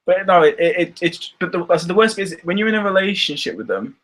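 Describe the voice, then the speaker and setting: A man's voice: high voice, expressive, fast talker, fairly bright tone. A Scottish man chatting casually on a live stream, rambling and laughing often. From Scotland. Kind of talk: casual chat.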